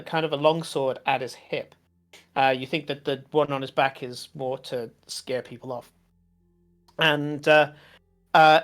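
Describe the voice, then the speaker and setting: A woman narrating as game master of a tabletop game, halting, with many fillers. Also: low-pitched.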